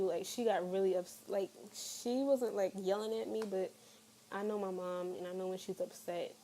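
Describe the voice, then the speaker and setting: A woman's voice: medium pitch, steady tone, normal speed, dark tone, slight background noise, poor audio. A young woman telling a personal story to camera in a casual storytime vlog, candid and chatty with lots of fillers. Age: young adult. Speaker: vlogger.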